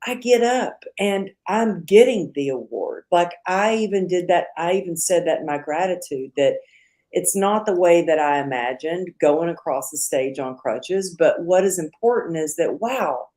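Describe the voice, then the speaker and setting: A middle-aged woman, a podcast guest, telling a personal story in a casual, animated way and acting out the quotes. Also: fairly low pitch, normal speed.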